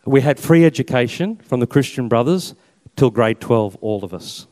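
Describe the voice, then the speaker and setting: A man's voice: mid-range voice, lively intonation, normal speed, darkish tone. An Australian Catholic priest in his fifties giving a chatty personal testimony with slides and self-mocking humour. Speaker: Catholic priest and army chaplain. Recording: long reverb in a hall.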